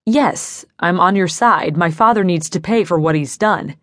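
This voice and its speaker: A woman's voice: on the low side, normal speed, a bit bright, dry recording, studio quality, natural voice. A woman voicing an earnest, angry young man in an audiobook, speaking in an urgent, serious manner.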